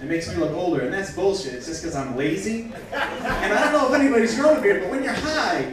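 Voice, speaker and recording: A man's voice: high-pitched, a little fast. A young man doing a stand-up comedy set in a bar, telling crude jokes with brash punchlines. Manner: crude, brash punchlines with lively swings in loudness. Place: bar venue with a live audience. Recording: echoey bar room, distant mic, crowd noise. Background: crowd reactions.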